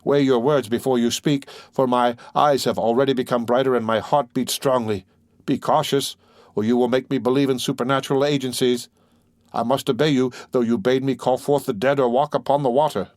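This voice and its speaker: A man's voice: mid-range voice, fairly even intonation, fairly quick, no room sound, studio quality, close to an everyday voice. A man reading an audiobook voices a grieving young man who sounds desperate, impassioned and pleading.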